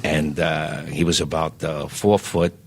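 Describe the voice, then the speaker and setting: A man, telling lively anecdotes as a podcast guest and acting out the dialogue. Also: very deep voice, measured pace, gravelly. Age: 70s. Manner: animated raconteur who acts out quoted dialogue. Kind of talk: anecdotal storytelling.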